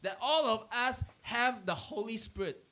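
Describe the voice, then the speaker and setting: This middle-aged pastor delivers a conversational church teaching full of animated stories, often restarting sentences and chuckling. His voice is very high and his pace unhurried.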